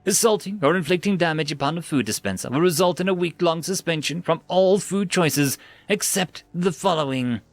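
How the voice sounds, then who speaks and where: A man's voice: on the high side, normal speed, dry recording, faint music behind, lightly acted. A man voicing a smug, overly polite food-dispenser machine reading out menu choices and warnings. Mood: formal. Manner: prim, overly polite, scripted customer-service tone.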